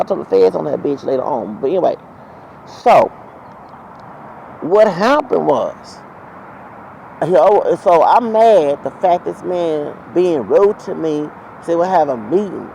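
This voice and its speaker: A man's voice: sits high, gravelly, darkish tone, low-quality recording. A man telling a heated, profane, rambling story as a vlogger, outdoors near traffic. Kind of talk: ranting storytime monologue.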